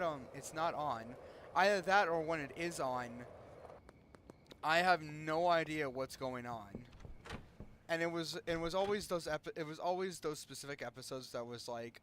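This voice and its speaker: A man's voice: on the high side, a bit bright, slight background noise. A young man giving casual gameplay commentary as a streamer, rambling and often cutting himself off mid-sentence. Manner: rambling, self-interrupting, trails off. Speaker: gaming streamer.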